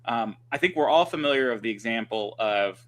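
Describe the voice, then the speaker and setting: A man speaking as a guest dog trainer on a livestream, telling stories in an animated, conversational way with quick restarts. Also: mid-range voice. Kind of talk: casual conversation. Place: livestream video call.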